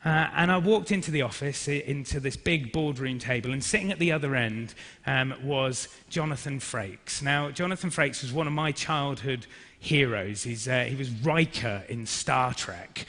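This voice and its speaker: A man's voice: mid-range voice, moderate pace. Man telling a story in a hall. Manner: lively anecdotal storytelling with acted-out quotes. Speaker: speaker at a business forum. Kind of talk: storytelling talk to an audience. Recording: reverberant hall.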